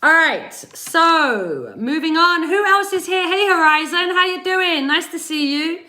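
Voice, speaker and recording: A woman's voice: very high-pitched, lively intonation, measured pace, bright, forceful tone. A British woman hosting a live spiritual reading stream, chatting casually, greeting viewers by name and laughing often. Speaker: spiritual reader and livestream host. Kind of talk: casual livestream chat. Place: home in Spain.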